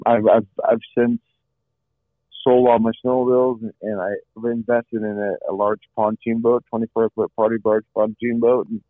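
A man's voice: mid-range voice, little pitch movement, moderate pace, no room sound. A middle-aged man, an interview guest, telling his own story in an earnest way, repeating phrases and often saying "you know". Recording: dry, phone-like line.

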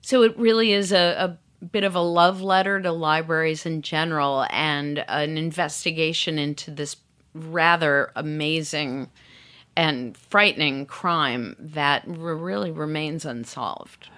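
Woman, author guest, slightly low pitch, thoughtful, wandering asides, conversational. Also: fairly even intonation, unhurried, fairly bright tone. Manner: thoughtful, trails into asides and restarts. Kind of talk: conversational interview.

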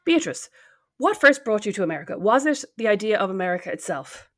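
A woman's voice: mid-range voice, very animated, noisy background. An Irish woman co-hosting a podcast, chatting casually and teasing her sister. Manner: teasing, quick-witted. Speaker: podcast co-host. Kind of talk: casual chat.

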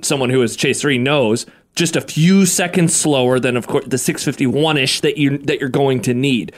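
A man hosting a running podcast, asking questions in a chatty, self-deprecating way. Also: on the high side. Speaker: podcast host. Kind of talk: casual interview chat.

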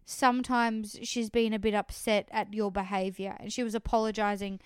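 A woman's voice: medium pitch, level tone, normal speed, clean tone, no echo, studio quality. A woman co-hosting a podcast, carefully explaining and correcting details of a TV show. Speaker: podcast co-host. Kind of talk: casual chat recapping a TV show.

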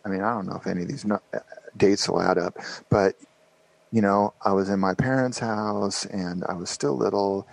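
A man in his fifties with a low, gravelly voice tells an unhurried story from his youth as a podcast guest. He winds through it with many fillers and restarts. The recording is close and dry. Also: fairly even intonation, no room sound, low-quality recording. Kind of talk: casual storytelling interview.

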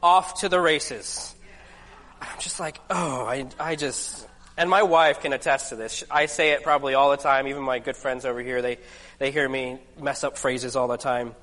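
A man's voice: mid-range voice, fairly even intonation, normal speed, a bit bright, long reverb tail. A man preaching a casual, chatty sermon, telling stories with lots of asides. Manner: chatty, self-deprecating storyteller with lots of asides.

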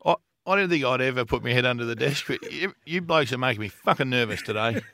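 Gravelly, bright-voiced podcast host. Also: male voice, medium pitch, expressive, quick pace, dry recording, studio quality. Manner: defensive, swearing, repeating himself for emphasis. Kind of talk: casual podcast banter.

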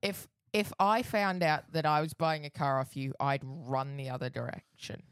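A man's voice: on the high side, fairly even intonation, normal speed, a bit bright, smooth, dry recording. A man, co-hosting a casual podcast, with a dry and laid-back delivery. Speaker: podcast co-host.

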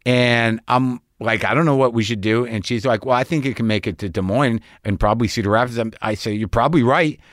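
Speaking fairly quickly with hardly any pauses, an older podcast host delivers a rambling storytelling monologue in a mid-range, slightly bright voice. He voices both sides of the exchange with wry exasperation, recorded in studio quality with no echo.

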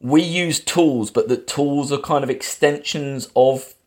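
A man's voice: mid-range voice, unhurried, a little mellow. Chatty man retelling a film plot. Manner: rambling retelling with acted quotes. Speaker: podcast host. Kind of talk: casual film discussion.

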